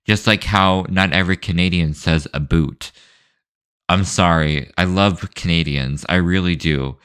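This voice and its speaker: A man with an extremely deep, low voice talks through a solo opinion rant on his own show. He rambles, stops and restarts, and fills the gaps with hesitant fillers. The sound is dry and close, with no room around it. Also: measured pace, fairly bright tone, smooth, no echo. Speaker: show host.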